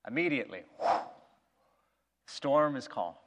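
A man preaching a sermon, retelling a Bible story in a lively way with acted-out quotes. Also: medium pitch, measured pace, background noise. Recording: long reverb of a big hall.

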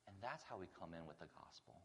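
A man's voice: low voice, lively intonation, quick pace, creaky, long reverb tail. A man preaching a sermon to his congregation in an earnest, conversational way. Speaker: pastor.

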